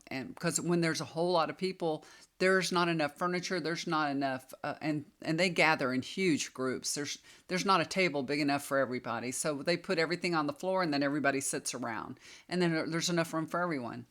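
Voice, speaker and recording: Woman in her fifties, warm storytelling vlog delivery, confiding and casual. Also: low-pitched, a little fast. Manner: chatty, confiding, addresses viewers as y'all. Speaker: tarot reader and healer.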